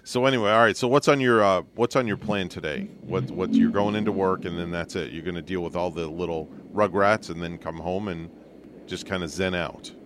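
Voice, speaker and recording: A man's voice: deep voice, brisk, noisy background. A male radio host chatting casually and joking with his co-host and a caller. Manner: joking, teasing. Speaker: radio morning show host. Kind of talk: casual on-air chat.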